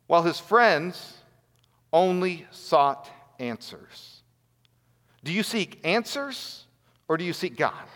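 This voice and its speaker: A man's voice: sits high, a bit bright. Man preaching in a reverberant hall. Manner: earnest, builds to rhetorical questions. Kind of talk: sermon.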